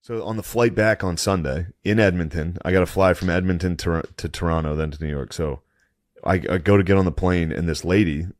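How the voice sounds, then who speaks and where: Very deep-voiced man, crude podcast banter. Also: brisk, no echo, studio quality. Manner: crude, mocking storytelling, rising to loud anger. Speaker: podcast co-host. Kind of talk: casual podcast chat.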